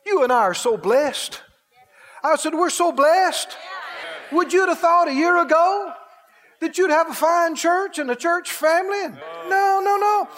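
A man preaching a sermon with exuberant energy, stretching out his phrases for emphasis and breaking into laughter and shouted exclamations. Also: very high-pitched, a little slow.

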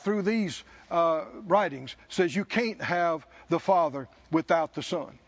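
A male preacher delivering a sermon, leading the congregation in call-and-response with slow, emphatic lines. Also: high-pitched, muffled recording.

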